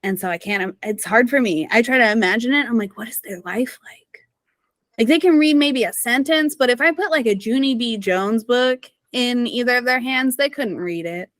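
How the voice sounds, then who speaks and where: A woman from Missouri, a guest on a podcast, chatting casually with plenty of "like" and "you know" fillers. Her voice sits a touch high for a woman. The recording is dry and close, with no room sound. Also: fairly quick, hardly any pauses, fairly bright tone, no echo. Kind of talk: casual conversational interview.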